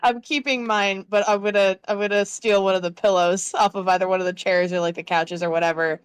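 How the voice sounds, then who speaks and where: A woman's voice: medium pitch, steady tone, a little fast, clean tone, no room sound. A woman player at a tabletop game, chatting casually, rambling and laughing often.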